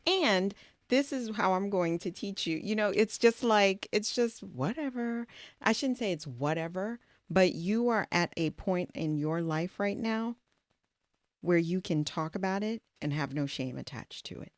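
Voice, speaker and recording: A woman's voice: fairly low pitch, animated, measured pace, no echo. A woman hosting an interview, talking in a reflective, conversational way. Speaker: host. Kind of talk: casual interview talk.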